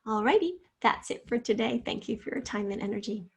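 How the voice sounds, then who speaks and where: A woman's voice: fairly high pitch, expressive, fairly quick, vocal fry, slightly rough. A woman teacher giving a recorded spelling lesson, explaining each word patiently and step by step.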